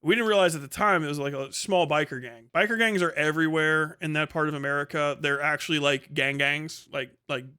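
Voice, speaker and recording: A man's voice: a little high, a little fast, hardly any pauses, pushed and bright, smooth. A male livestream host telling a rambling, profane story in a casual way, with lots of filler words.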